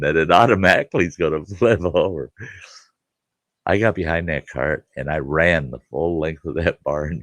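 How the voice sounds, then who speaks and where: A man's voice: deep voice, dry recording. A middle-aged man telling a rowdy childhood farm story in a folksy, casual way, often laughing as he talks. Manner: folksy, laughs through his own tale. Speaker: storyteller host.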